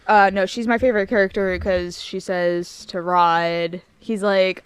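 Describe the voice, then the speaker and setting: A young woman co-hosting a podcast, chatty and quick to laugh in casual conversation. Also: mid-range voice, steady tone, smooth, dry recording. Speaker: podcast co-host. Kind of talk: casual chat.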